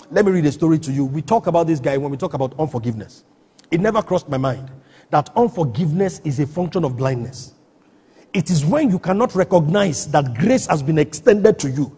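Husky high-voiced preacher in an echoey hall. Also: male voice, warm tone. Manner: emphatic, rhetorical questions to the congregation. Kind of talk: sermon.

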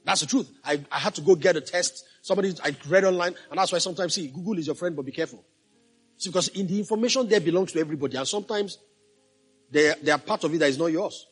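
A man preaches from the pulpit, his voice high and somewhat husky. He drives points home by repeating short phrases and checking in with his listeners. Faint music plays underneath. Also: fast talker. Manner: emphatic, repeats key phrases, asks the congregation questions. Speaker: pastor. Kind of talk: sermon.

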